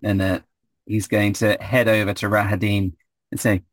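A man's voice: fairly low pitch, flat delivery, normal speed, no room sound. A man running a tabletop game as game master, hesitant with many fillers.

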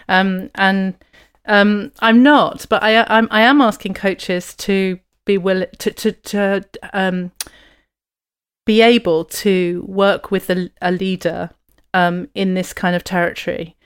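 A woman, a leadership coach, telling a personal story in an interview, thoughtful and soft-spoken with frequent pauses. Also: mid-range voice, smooth.

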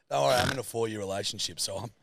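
A man's voice: on the low side, fast talker, gravelly, a bit bright, no echo. A young man co-hosting a podcast, teasing and crude in casual banter. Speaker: podcast co-host.

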